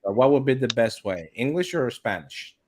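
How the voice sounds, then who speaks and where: Host: male, mid-pitched voice, easygoing, puts viewer questions to the guest. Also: big pitch swings, normal speed. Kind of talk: casual interview questions.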